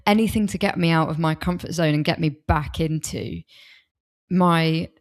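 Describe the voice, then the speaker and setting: At a moderate pace, a woman with a fairly low voice speaks as a podcast guest at a desk microphone. Open and eager in casual conversation, she keeps cutting herself off and beginning her thoughts again.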